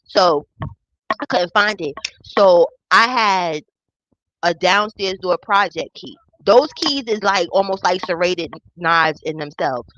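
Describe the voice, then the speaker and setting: Animated young woman telling a wild story. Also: a little high, muffled recording, slight background noise. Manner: animated, acts out quoted voices, profane. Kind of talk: casual storytime vlog.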